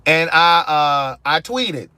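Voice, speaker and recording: A man telling a story in casual vlog style from his car, animated and exasperated, acting out both sides of his phone calls. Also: on the high side, slow, smooth, dry recording. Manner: sassy, exasperated. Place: inside a car.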